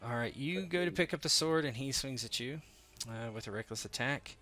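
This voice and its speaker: A man's voice: medium pitch, lively intonation, a little fast, pushed and bright. A man running a tabletop game as game master, explaining rules and thinking aloud with many fillers.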